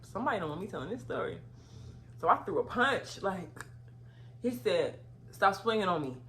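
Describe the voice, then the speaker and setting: Animated woman telling a storytime. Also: medium pitch, moderate pace, slight background noise. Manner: animated, swings into loud outraged retellings. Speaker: vlogger. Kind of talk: casual storytime.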